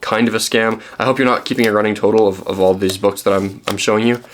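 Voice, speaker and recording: A man's voice: lowish voice, fairly even intonation, quick pace, a little hiss or hum. A young man from Canada, chatting casually and rambling with lots of ums while showing the books he found. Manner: rambling, self-deprecating, many ums and restarts. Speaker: book vlogger.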